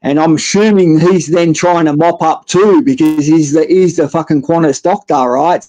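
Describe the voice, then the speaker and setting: A man's voice: fairly high pitch, darkish tone, no echo, rough recording. A man with an Australian accent telling his story casually, swearing often and stumbling over restarts. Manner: profane, halting with many restarts.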